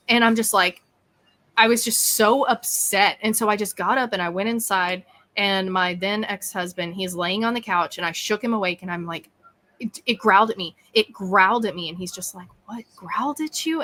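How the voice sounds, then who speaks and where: Bright-voiced woman telling a story. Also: medium pitch. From East Texas. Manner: animated, acts out quoted dialogue. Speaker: podcast host and guest. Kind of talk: casual interview storytelling.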